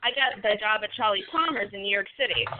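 A woman's voice: medium pitch, animated, quick pace. Chatty woman, tinny sound. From New Jersey. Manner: chatty, laughing, swearing. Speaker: podcast co-host. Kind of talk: casual chat. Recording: tinny phone-like sound with faint noise.

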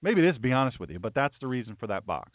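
A man's voice: medium pitch, big pitch swings, very fast, dry recording. A male host delivering a blunt, emphatic, sarcastic talk-show monologue. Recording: tinny phone-like, dry.

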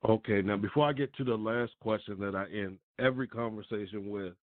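Male radio host, lowish voice, upbeat, tinny phone sound. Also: fairly quick, no room sound. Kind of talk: interview hosting. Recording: phone-like line, dry.

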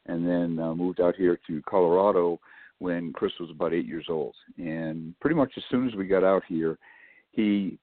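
A man being interviewed as a guest, answering in a measured, grateful way with some hesitations. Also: low voice, dry recording. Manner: grateful, measured, slightly halting. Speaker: guest, bereaved father. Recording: phone-like line.

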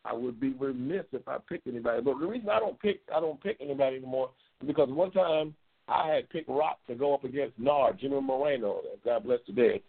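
A man hosting a casual live-stream chat, loose and excitable, repeating himself and reading viewer comments. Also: fairly quick. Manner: loose, excitable, repeats himself, bursts into high-pitched race calling. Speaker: talk show host reading viewer comments. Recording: tinny phone-like lo-fi audio.

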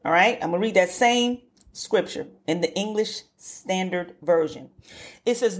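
A woman's voice: on the low side, a little slow. A woman preaching a fervent, emphatic sermon and repeating words for emphasis.

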